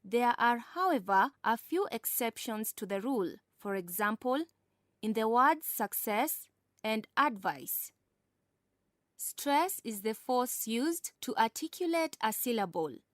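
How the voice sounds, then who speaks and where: Clear, high-voiced woman narrating a lesson. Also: animated, no room sound, clean studio sound. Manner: measured, instructional.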